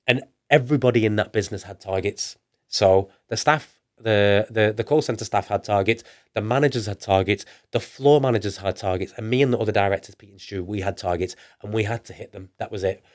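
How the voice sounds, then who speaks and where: This man from northern England has a lowish, somewhat dark voice and talks fairly quickly. He's an entrepreneur guest on a casual podcast, rambling through his story with restarts and acting out what people said to him.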